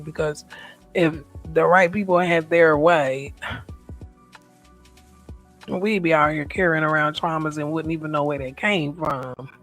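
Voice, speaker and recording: In a low, slightly bright voice, an American vlogger from the United States shares a reflective personal monologue. She sounds emotional and sincere, returning again and again to her affirmations.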